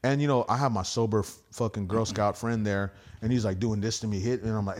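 A young man, a stand-up comic guesting on a podcast, telling wild party stories in a rambling, profane, animated way. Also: lowish voice, a little fast, hardly any pauses. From Houston area. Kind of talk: casual storytelling chat.

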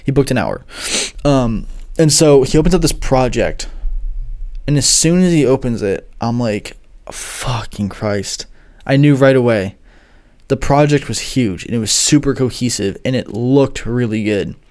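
A man's voice: medium pitch, expressive, normal speed, darkish tone. Rambling, foul-mouthed young guy telling a story. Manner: rambling, heavy swearing, lots of fillers. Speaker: music producer and online tutor. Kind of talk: casual storytelling monologue.

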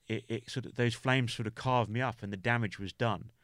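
A man from the United Kingdom, a podcast guest, recounting a personal story in a halting way, full of restarts and "you know" fillers. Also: mid-range voice, a bit bright, dry recording, clean studio sound.

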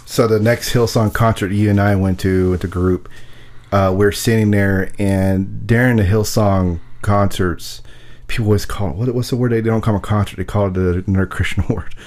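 A man with a somewhat low voice speaks in an easygoing, conversational way. He tells a story to a friend and slips in wry asides. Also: steady tone, moderate pace, darkish tone. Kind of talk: casual conversation.

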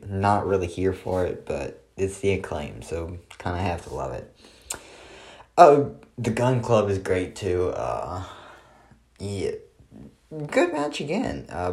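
A man with a very low voice talks through a wrestling show on his own. His recap is casual and dry, with sarcastic asides and plenty of filler words. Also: darkish tone.

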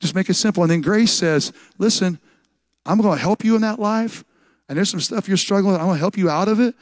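High-voiced emphatic male preacher. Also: fairly quick, dry recording. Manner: repetitive, emphatic preaching with stammered restarts. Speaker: pastor. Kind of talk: sermon.

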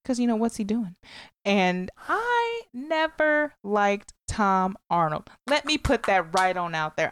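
A woman's voice: mid-range voice, smooth, no room sound. A woman co-hosting a podcast in casual chat, blunt and chatty, breaking into sung song snippets. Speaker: podcast co-host.

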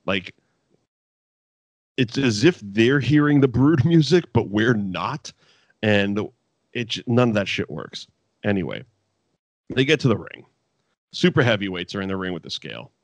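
A man's voice: on the low side, measured pace, pauses often, no echo. A man in a casual podcast chat, telling a wrestling story with lots of swearing and laughter. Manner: profane, laughing, animated storytelling. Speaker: podcast co-host.

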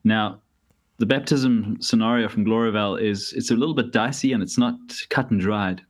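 A New pastor with a low voice, explaining theology on a casual podcast. He builds his points step by step in a measured, teacherly way.

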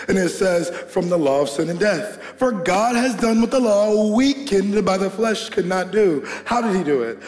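A young man preaching as a pastor, shouting with hyped energy, bantering with the congregation in slang and leading call-and-response. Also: sits high. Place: large church hall. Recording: echoey church hall with faint music.

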